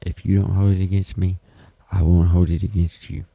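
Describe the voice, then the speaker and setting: A man's voice: deep voice, little pitch movement, brisk, gravelly, no room sound, phone-quality sound. A man with a Southern US accent hosting a podcast, talking in a rambling, folksy, self-deprecating way. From Southern United States. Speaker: podcast host. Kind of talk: casual solo podcast talk. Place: home.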